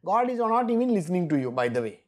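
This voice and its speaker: Animated woman teaching scripture. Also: on the low side, fast. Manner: emphatic, scolding, laughs often. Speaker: spiritual teacher. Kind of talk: scripture exposition talk.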